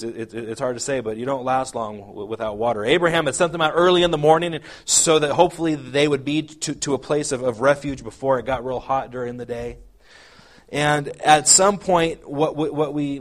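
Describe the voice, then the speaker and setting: A man preaching a sermon, earnest and halting, often repeating words as he explains scripture and reads old-style verses aloud. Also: medium pitch. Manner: reads scripture aloud in King James wording. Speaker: pastor.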